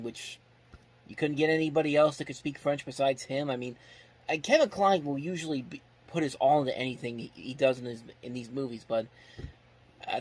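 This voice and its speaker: Rambling male film reviewer. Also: mid-range voice. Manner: rambling, critical, with many fillers and restarts. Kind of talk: casual movie review commentary.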